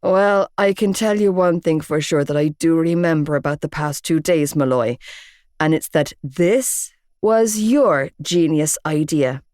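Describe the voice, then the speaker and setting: A woman's voice: deep voice, measured pace, a little mellow, no room sound, studio quality. A woman voicing a drawling hungover lad. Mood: grumbling. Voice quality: hoarse, lazy drawl. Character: hungover young Irish man, lazy, teasing.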